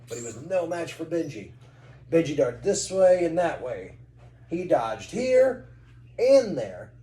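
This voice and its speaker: A man's voice: a little high, mellow, echoey room, slight background noise, poor audio. A man from Kentucky, a parent reading a storybook aloud to a child at home, with chatty asides.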